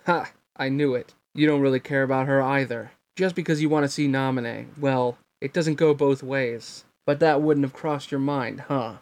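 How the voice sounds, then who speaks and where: In a storybook reading, a man voices a resentful teenage swordsman who is cold and taunting, his words edged with bitterness. The medium-pitched, slightly mellow voice keeps fairly even intonation at normal speed with few pauses, staying close to a natural, plain adult male reading voice.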